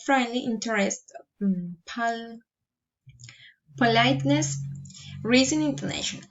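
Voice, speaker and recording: A fairly high-voiced woman reads out pronunciation drills word by word, taking her time over each pair and sentence. The recording sounds dull and lo-fi. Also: expressive. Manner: slow, careful reading of word pairs and sample sentences. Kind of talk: reading a pronunciation exercise aloud.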